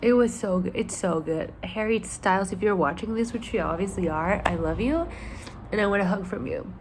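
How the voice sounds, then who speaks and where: A woman's voice: mid-range voice, moderate pace, background noise. A young woman chatting casually in a rambling, self-mocking way for her vlog, tired and sick. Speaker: vlogger.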